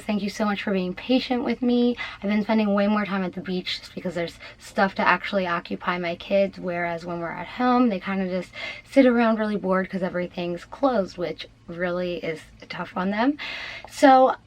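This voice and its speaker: Young woman, vlogger, casual storytime, lots of ums and likes, a little shaky, middle-pitched. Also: normal speed, rough recording. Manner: talks with many fillers like "um" and "like", a little shaky.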